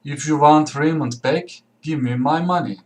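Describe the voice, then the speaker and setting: A man's voice: a little high, moderate pace, darkish tone, lightly acted. A man doing Charlie, a pushy impatient businessman. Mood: insistent.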